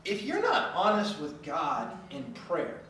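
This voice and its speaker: A preacher giving a sermon in a lively way, acting out quoted voices with humor. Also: mid-range voice, slow, a little hiss or hum. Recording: echoey hall from far off.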